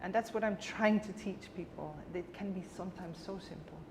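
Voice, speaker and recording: A woman's voice: lowish voice, a little fast. A woman guest telling a personal story vividly and emotionally in a conversation, acting out the dialogue. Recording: long reverb with faint background noise.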